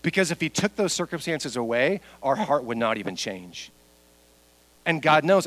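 A man's voice: a little high, very animated, moderate pace, fairly bright tone, no room sound, poor audio. A man, a pastor, preaching an emphatic sermon that builds through long repeated lists.

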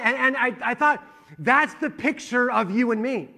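Bright-voiced male pastor preaching. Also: very high-pitched, moderate pace, gravelly. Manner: storytelling, recounting a conversation, then rousing. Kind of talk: sermon.

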